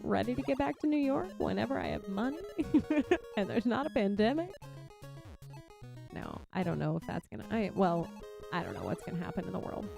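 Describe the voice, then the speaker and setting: A young Texan woman streaming a game and chatting casually, reacting loudly to her viewers. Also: medium pitch, sing-song, normal speed, vocal fry, music in the background. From Texas. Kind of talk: casual chat while gaming.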